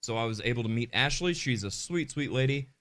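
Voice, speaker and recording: A man's voice: medium pitch, expressive, brisk, fairly bright tone. A man co-hosting a live podcast, chatting casually and reading viewer comments aloud in an upbeat way. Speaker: podcast co-host.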